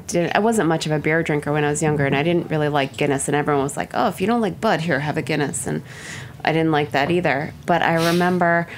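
A woman with a low voice chats easily about the beer she pours at her bar, leaning on small fillers as she thinks. The recording carries a faint hum of room noise. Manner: chatty, lots of fillers. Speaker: bar owner and beer buyer. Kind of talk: casual chat.

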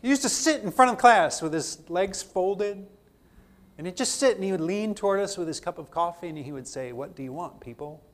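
Man lecturing with questions, slightly high. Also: lively intonation, fairly quick. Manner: poses repeated questions to the class. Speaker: theology teacher. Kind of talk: classroom lecture.

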